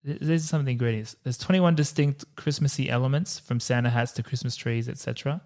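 A man's voice: mid-range voice, fairly even intonation, darkish tone. A man co-hosting a podcast, reviewing a movie in a chatty, casual way and laughing often. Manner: chatty, quick to laugh, thinks aloud. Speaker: podcast co-host.

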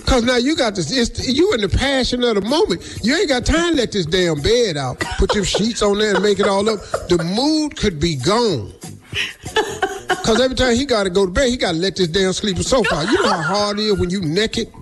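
A man's voice: high-pitched, sing-song, brisk. A male radio host giving comic, bawdy advice with teasing, exaggerated storytelling. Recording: radio studio with music bed.

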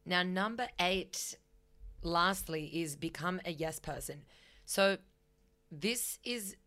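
Young aussie woman podcasting, fairly low voice, chatty and blunt, drops swear words. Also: takes it slowly, sharp tone. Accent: Australian. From Australia. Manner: candid and chatty, swears freely. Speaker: podcast host. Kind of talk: casual advice and storytelling.

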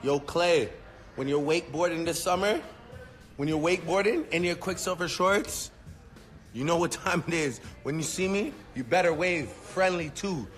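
A man's voice: a little high, moderate pace, faint music behind. A man on a live video, boasting and teasing playfully.

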